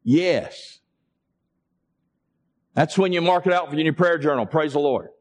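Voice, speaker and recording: A man's voice: fairly high pitch, unhurried. A man preaching a sermon and calling for responses from his congregation. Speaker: pastor.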